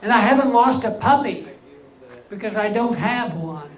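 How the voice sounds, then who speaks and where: An older man with an unusually high voice performs stand-up in a veterans' hall event room, pausing before each deadpan one-liner's punchline. The mic is far off, the hall echoes, and a faint hum runs underneath.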